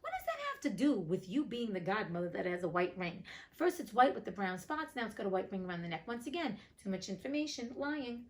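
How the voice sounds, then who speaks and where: A woman's voice: medium pitch, big pitch swings, fairly quick, few pauses, poor audio. A woman reading old fairy tales aloud, moving between plain narration and casual, blunt commentary. She talks to listeners directly and swears freely in her asides. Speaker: reader and host.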